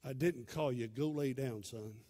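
Man doing a tired old priest, flat and quiet, husky, shooing a kid back to bed. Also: medium pitch, a little slow, close to an everyday voice. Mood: dismissive.

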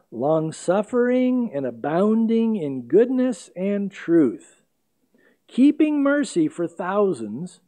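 A man preaching in a fairly high, mellow voice. He talks emphatically, drawing out the scripture verses slowly for weight. A pastor teaching verse by verse. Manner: emphatic, slows down to stress scripture readings. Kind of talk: expository sermon.

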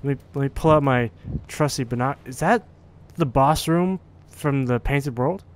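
A man hosts a casual gameplay session, teasing his co-player and reacting excitably to the game. His voice sits in an ordinary mid range, with playful, quick banter. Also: mid-range voice. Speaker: host of a gameplay channel.

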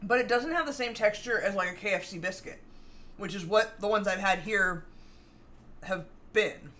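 A woman's voice: mid-range voice, moderate pace, fairly bright tone. A woman co-hosting a home baking livestream, reading viewer comments aloud and laughing often as she chats. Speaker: cooking show co-host. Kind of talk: casual livestream chat.

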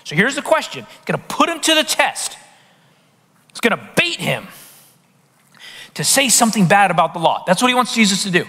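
A man preaching a sermon to a congregation in a lively way, often putting rhetorical questions to the room. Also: high-pitched, a little fast, pauses often. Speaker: pastor. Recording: long reverb of a large hall.

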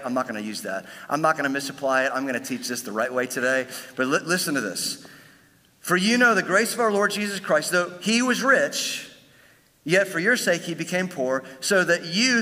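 A man preaching a sermon as pastor, building to emphatic peaks and dropping low for asides. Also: big-room sound. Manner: emphatic preaching, swells louder on key lines, drops low for asides.

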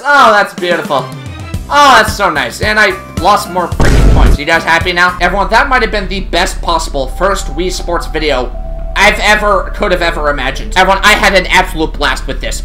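Gaming host, let's-play commentary, animated swings in pitch, loud game music underneath, yells at the screen. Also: a little fast.

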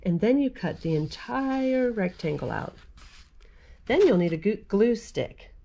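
Woman, children's storytime host, picture-book read-aloud, slow and unhurried, mellow tone. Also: mid-range voice, gravelly. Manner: animated, sing-song, speaking warmly to children. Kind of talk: reading picture books aloud to young children.

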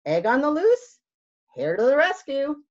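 A woman voicing a quick, boastful hare. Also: mid-range voice, wildly swooping pitch, fairly bright tone, dull audio, exaggerated voice. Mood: eager.

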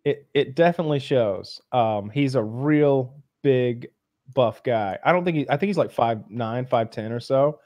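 A man's voice: medium pitch, moderate pace, darkish tone. A man co-hosting a podcast, rambling through a story in casual chat with many restarts. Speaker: podcast co-host.

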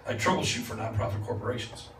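A man's voice: fast, over music. A male guest preacher telling a story in a conversational sermon, acting out the dialogue and laughing along. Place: church sanctuary. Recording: echoey church from far off with noise.

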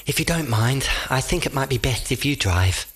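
A man's voice: mid-range voice, expressive, normal speed, fairly bright tone, slightly rough. Man doing a lisping cheerful lady animal. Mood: friendly. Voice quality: lisp. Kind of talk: audiobook character voice.

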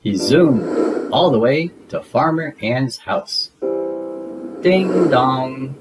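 A man's voice: medium pitch, lively intonation, slow. A man reading a children's storybook aloud expressively, with playful sound effects. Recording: guitar music behind.

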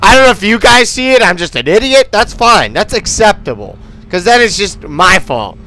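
A man's voice: high voice, sing-song, normal speed, pushed and bright. A man commentating on his gameplay in a casual, frustrated and sarcastic way, swearing often. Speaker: let's play commentator.

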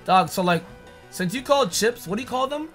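A man bantering over a video game, excitable, goofy and teasing his co-host. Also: sits high, normal speed, faint music behind. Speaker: gaming co-host. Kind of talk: casual gameplay banter.

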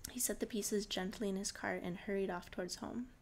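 A woman reading a short fairy tale aloud in a relaxed, informal way, laughing off her slips. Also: mid-range voice, fairly quick, slight background noise. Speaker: storyteller.

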